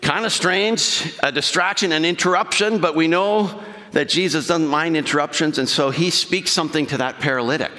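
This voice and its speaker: In a church sanctuary with long hall reverb, a male pastor preaches a sermon in a mid-range, sharp-toned voice. He talks conversationally and puts questions to the congregation.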